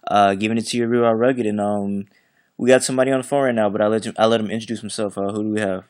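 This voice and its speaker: A man's voice: lowish voice, fairly even intonation, racing, darkish tone. A man from Florida hosting a casual interview, eager and chatty, asking long rambling questions. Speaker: host.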